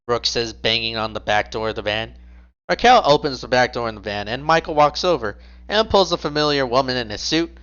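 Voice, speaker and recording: A man's voice: medium pitch, lively intonation, a little fast, a bit bright, smooth, muffled recording. A man narrating a tabletop role-play as game master, telling the player what they do in the second person.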